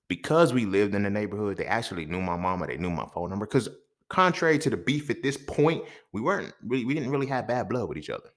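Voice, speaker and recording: Fast-talking man telling a heated story. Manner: animated, profane, acts out quotes loudly then drops low. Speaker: podcast host. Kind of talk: casual storytelling monologue.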